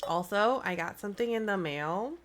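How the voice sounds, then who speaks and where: Woman live-streamer: casual, bubbly chatter, excitable, mid-range voice. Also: mid-range voice, moderate pace, a little hiss or hum. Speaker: livestream host.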